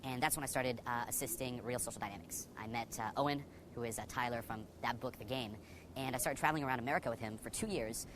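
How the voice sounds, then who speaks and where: Young male dating coach, rapid-fire, profane and candid, with a faint hum of room sound behind him. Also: mid-range voice. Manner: profane, heavy on "you know" fillers. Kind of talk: candid personal story told to camera.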